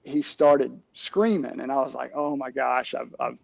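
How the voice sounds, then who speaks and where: A middle-aged man, a camp director, telling stories in a casual interview, halting with many restarts and fillers. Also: medium pitch, steady tone, gravelly, no echo, lo-fi sound.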